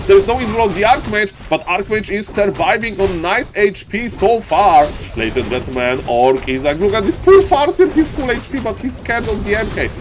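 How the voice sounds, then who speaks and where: A man casting a strategy game live, with excitable play-by-play that keeps calling out to "ladies and gentlemen" and climbs high and loud in the fights. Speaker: esports caster.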